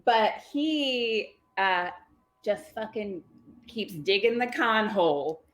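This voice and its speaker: A woman co-hosting a casual livestream, retelling a story in a lively, joking way and swearing casually. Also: medium pitch, slow. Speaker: co-host and storyteller.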